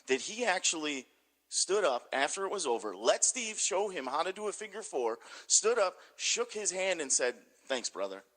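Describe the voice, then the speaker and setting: A man casually telling animated backstage stories, swearing and laughing as he goes. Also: high voice, normal speed, few pauses. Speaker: pro wrestler telling stories. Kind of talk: casual storytelling.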